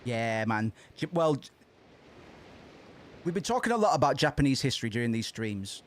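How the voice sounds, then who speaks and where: A man's voice: mid-range voice, very animated, normal speed, a little hiss or hum. A man streaming a game, chatting in casual let's-play commentary, rambling with frequent restarts and casual swearing. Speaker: gaming streamer.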